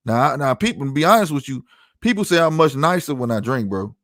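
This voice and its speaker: A man's voice: medium pitch, animated, fast, fairly bright tone, dry recording, studio quality. A middle-aged man hosting his own podcast, ranting in a heated, profane, emphatic way to his live chat. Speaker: podcast host. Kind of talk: heated solo livestream rant.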